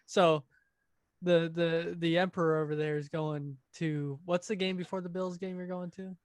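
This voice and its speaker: A man co-hosting a fan podcast, loose and playful, laughing through the banter. His voice sits notably high for a man. It sounds close and dry, with no room echo. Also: level tone, moderate pace, smooth. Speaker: podcast host. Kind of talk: casual chat.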